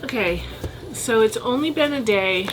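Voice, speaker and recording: A woman's voice: on the high side, animated, measured pace, over music, poor audio. Candid, chatty woman reviewing books. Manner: candid, chatty, thinks aloud with frank opinions. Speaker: book vlogger. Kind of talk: casual book review vlog.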